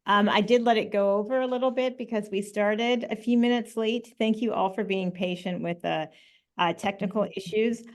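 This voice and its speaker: A woman hosts a relaxed online webinar from her home, speaking over a video call. She talks in an easygoing, chatty way, with plenty of "um" and "you know," pausing to read out audience questions. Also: medium pitch. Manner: friendly, filler-heavy, stops to read questions. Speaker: webinar host. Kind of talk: casual online webinar talk.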